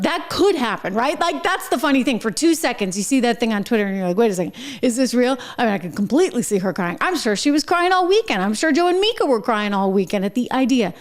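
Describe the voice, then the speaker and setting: A middle-aged woman hosting her own show, giving chatty political commentary with wry asides and frequent laughs. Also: a little high. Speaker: show host.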